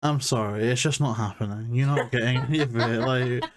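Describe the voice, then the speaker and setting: Male podcast co-host, mid-pitched, casual chatty review talk with dry jokes. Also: a little fast, noisy background. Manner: chatty, self-deprecating humour.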